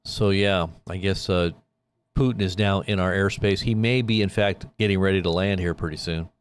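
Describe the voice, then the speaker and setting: A man hosting a casual livestream, reading news headlines and thinking out loud in a rambling way. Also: sits low, steady tone, moderate pace, smooth.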